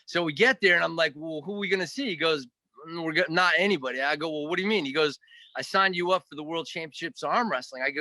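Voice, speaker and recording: Talking fast in a fairly high voice with no room sound, a guest actor recounts a long story in a casual interview. He rambles, swears from time to time, and acts out others' quotes in an animated way.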